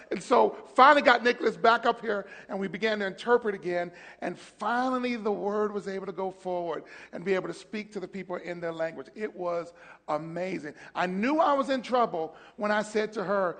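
A man's voice: high voice, fairly even intonation, fairly quick, gravelly, fairly bright tone. A pastor chatting and telling stories animatedly, often stumbling over his words. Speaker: pastor, co-host. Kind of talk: casual chat, storytelling. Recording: long hall reverb.

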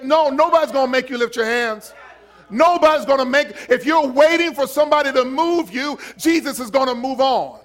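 Preacher, male, very high voice, fiery call-and-response delivery that rises into shouts. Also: normal speed. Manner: acts out quoted voices and repeats words for emphasis. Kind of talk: live sermon.

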